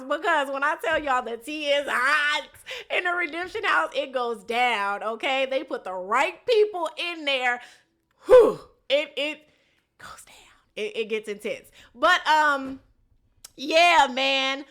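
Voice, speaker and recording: A woman's voice: high-pitched, animated, takes it slowly, sharp tone. A young woman recapping a reality show episode in a casual vlog, talking bluntly with lots of slang and swearing.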